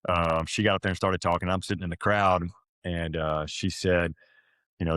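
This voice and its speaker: A middle-aged man from Florida with a deep, low-pitched voice tells a personal story as a podcast guest. He speaks haltingly, restarts often and gets choked up. The recording is dry, with no room sound. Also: little pitch movement, a bit bright, smooth, dry recording. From Florida, USA. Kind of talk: emotional storytelling.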